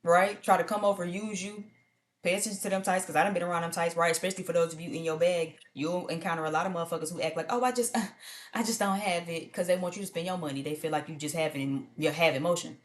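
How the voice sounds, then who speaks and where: A woman's voice: on the low side, fairly even intonation, fast talker. A woman giving a casual tarot reading to viewers in a blunt, profane, conversational way. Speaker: tarot reader.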